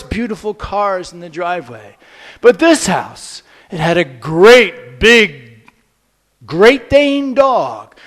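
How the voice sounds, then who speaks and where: Male lecturer, playful storyteller, high-pitched and very lively, gets the crowd joining in. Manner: animated, playful, drives audience participation.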